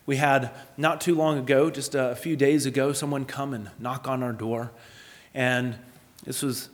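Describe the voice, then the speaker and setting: A man preaching a sermon in an earnest, explanatory way, with lively storytelling asides. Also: mid-range voice, a little slow. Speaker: pastor. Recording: long hall reverb.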